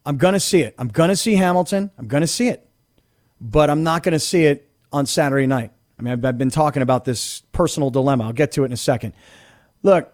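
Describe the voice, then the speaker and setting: In a studio, a middle-aged man with a voice on the high side hosts sports talk radio, rambling animatedly and acting out the voices of people he quotes.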